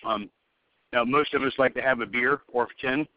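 A man's voice: medium pitch, steady tone, normal speed, no room sound. A man conducting a job interview over the phone, talking loosely with many fillers and restarts. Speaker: hiring manager interviewing a candidate. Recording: muffled phone-call audio.

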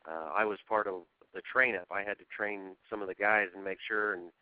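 A man interviewing for a job over the phone, earnest and halting, often restarting his sentences. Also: fairly low pitch, fairly even intonation, no echo. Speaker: job candidate. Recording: tinny phone line.

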